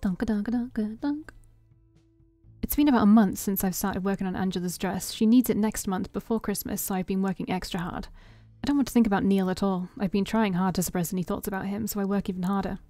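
A woman streamer reading a story game aloud in expressive first-person narration. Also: medium pitch, fast talker, no echo, soft background music. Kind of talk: reading a visual novel aloud.

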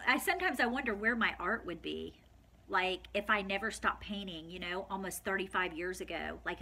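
A woman's voice: medium pitch, a bit bright. A woman in her forties talking heartfelt and tearful in a personal vlog, full of fillers. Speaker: vlogger.

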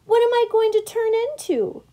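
A woman voicing an excitable, curious young male pollywog in a storybook reading, with bubbly, wide-eyed questions. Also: fairly high pitch, a little slow. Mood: excited.

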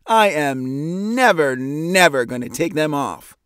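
An excited, stubborn little girl speaks high and insistently, as a man puts her on while reading a storybook. Her voice jumps well above the reader's own and stays loud and eager. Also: takes it slowly, clean tone, no room sound, clean studio sound.

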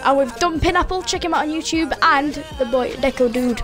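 High-voiced woman cheering gameplay. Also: brisk, music in the background. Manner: excitable, chatty, cheers and groans at plays. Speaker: gaming video host. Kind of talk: live gameplay commentary. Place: home room with friends. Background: friends talking in the background.

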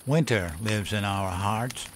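A man voicing a cold, cryptic older man who speaks slowly and quietly in a taunting way. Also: fairly low pitch, a little hiss or hum. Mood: menacing.

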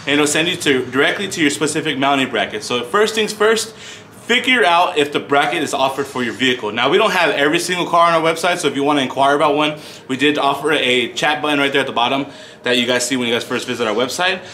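A man's voice: a little high, fast, sharp tone, a little hiss or hum. Chatty man explaining car parts. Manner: chatty, addresses viewers as "you guys". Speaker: car parts shop host. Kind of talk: casual product walkthrough. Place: parts store.

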